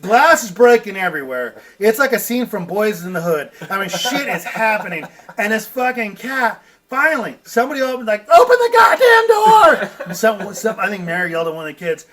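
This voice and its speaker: A man hosting a podcast, telling a profane, animated story and laughing as he goes. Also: sits high, brisk, hardly any pauses, far from the mic. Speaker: podcast host. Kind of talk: casual storytelling. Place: outdoor front porch.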